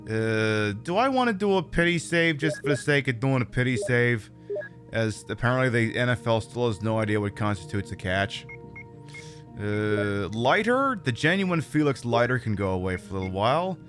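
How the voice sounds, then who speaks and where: A man streaming a game, rambling and joking about himself as he plays. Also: medium pitch. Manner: rambling, self-mocking and jokey. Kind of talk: live gameplay commentary.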